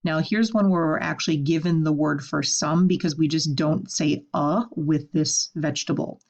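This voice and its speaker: A woman teaching a French vocabulary lesson, saying each word slowly and then explaining it in casual English. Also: low voice, darkish tone, lo-fi sound.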